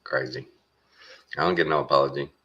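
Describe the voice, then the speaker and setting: A man with a Texan accent talking casually to his viewers, meandering along with lots of pauses and folksy phrasing. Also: rumbling low, steady tone, dull audio. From Texas. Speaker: vlogger. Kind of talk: casual rambling monologue.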